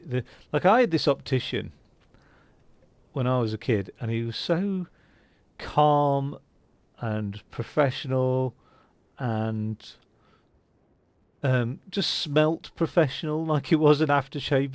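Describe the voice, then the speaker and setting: Man, gravelly voice, rambling let's-play chatter, dry close sound. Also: medium pitch, a little mellow, no room sound. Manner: rambling, chatty, many fillers and restarts. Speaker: gaming channel host. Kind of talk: casual let's-play commentary.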